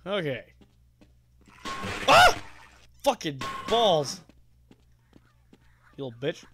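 A man giving let's play commentary, swearing and yelling at enemies with sarcastic asides. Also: a little high, normal speed, a little hiss or hum. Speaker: gamer.

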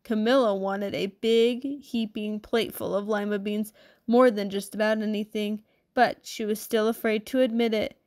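A woman narrating a children's storybook aloud with expressive, measured delivery. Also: mid-range voice. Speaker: storybook reader.

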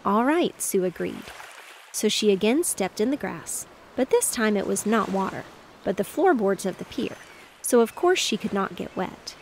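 A woman narrates a bedtime story in a soft, soothing way, keeping an even and gentle manner. Her voice sits at an ordinary middle pitch. A faint noise runs behind her. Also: normal speed, gravelly.

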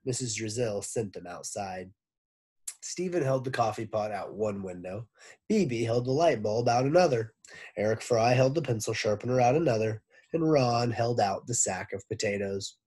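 Animated husky male storybook reader. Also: on the low side. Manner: expressive, animated narration. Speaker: teacher reading aloud. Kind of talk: storybook read-aloud.

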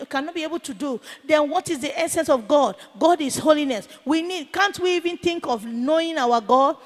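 Woman minister, high voice, sermon storytelling with acted quotes, long hall reverb. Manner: retells a confrontation, voicing each speaker in turn.

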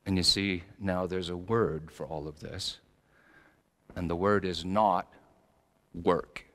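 A middle-aged male pastor preaching a sermon, swinging between loud emphatic lines and hushed low phrases. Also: fairly even intonation, slow. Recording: long hall reverb.

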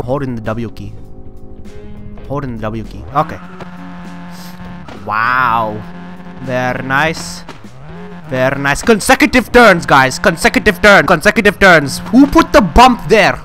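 A young man giving jokey, boastful gameplay commentary, swinging from mumbled asides to yelling. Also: high voice. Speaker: gaming channel host. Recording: game music loud behind the voice. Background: loud game music and car engine sounds.

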